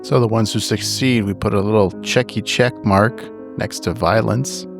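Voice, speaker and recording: A man with a lowish voice plays in a tabletop horror game, talking casually and thinking aloud as he works out his character's action. Soft music lingers in the background. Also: steady tone, moderate pace, gravelly. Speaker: player.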